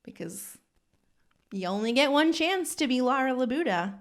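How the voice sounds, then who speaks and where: Rambling, animated woman telling a salon story. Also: high voice, normal speed. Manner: animated, rambling, self-deprecating. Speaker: salon owner and podcast host. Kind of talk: casual storytelling monologue. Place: her salon.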